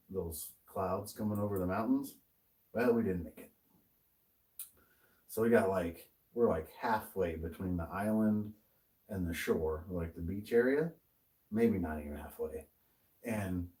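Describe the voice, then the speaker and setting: A man's voice: low-pitched, a little mellow, far from the mic, rough recording. A man co-hosting a podcast, telling a story in casual chat, swearing often and laughing as he goes. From American. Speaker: podcast co-host.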